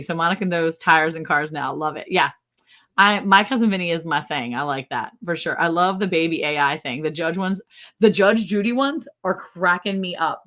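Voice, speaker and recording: A woman's voice: lowish voice, fairly bright tone. Giggly woman chatting on a livestream. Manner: giggly, chatty, laughs often. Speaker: livestream co-host. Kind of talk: casual livestream chat, reading comments.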